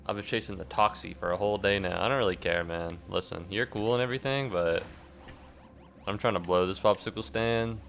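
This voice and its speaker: A man giving rambling, jokey commentary while streaming a game, breaking into squeaky outbursts. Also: a little fast, creaky, a bit bright, a little hiss or hum. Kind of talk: casual gaming commentary.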